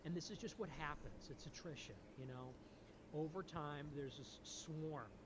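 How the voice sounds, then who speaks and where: A man giving an animated, preachy monologue, often pressing his point with "okay?". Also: fairly high pitch, normal speed. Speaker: political streamer in a played clip. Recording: noisy clip recording.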